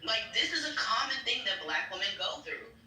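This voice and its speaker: A woman telling stories in a casual chat, blunt and quick to swear. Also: on the high side, big pitch swings, bright, forceful tone. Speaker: guest. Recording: roomy and distant.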